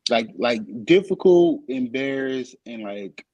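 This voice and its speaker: A man's voice: medium pitch, unhurried, creaky, slightly rough, no room sound, low-quality recording. A man co-hosting a podcast, casually asking a guest a hypothetical question. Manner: relaxed, poses hypothetical questions. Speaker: podcast co-host. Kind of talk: casual interview chat.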